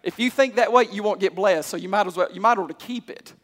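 A male pastor preaching a sermon, calling out to the congregation and climbing to shouts. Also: high-pitched, fast. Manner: call-and-response preaching, rising to shouts. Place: church hall. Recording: long hall reverb.

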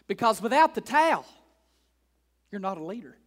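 High-voiced male preacher, rhetorical and repetitive. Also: sing-song, normal speed. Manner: repeats key lines and asks the congregation rhetorical questions; swings between hushed and loud emphatic delivery. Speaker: pastor. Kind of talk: sermon. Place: church in front of a congregation.

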